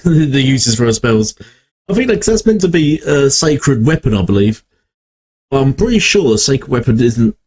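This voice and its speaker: A man's voice: mid-range voice, darkish tone. A young man hosting a reaction video, rambling and correcting himself as he thinks aloud. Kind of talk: casual reaction commentary.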